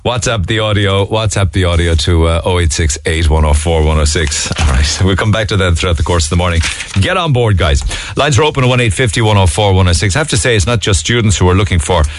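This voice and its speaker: A middle-aged man with a Cork Irish accent hosting a radio phone-in, chatty and relaxed. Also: sits low, fast, no room sound. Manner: chatty, relaxed, laughs easily. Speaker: radio talk show host. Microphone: studio mic.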